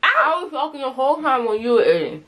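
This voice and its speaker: A woman's voice: high-pitched, big pitch swings, a bit bright. A young woman hosting a casual eating video at home, playful and joking. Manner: playful, joking, quick to laugh. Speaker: host. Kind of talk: casual chat. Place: home, indoors. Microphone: phone camera.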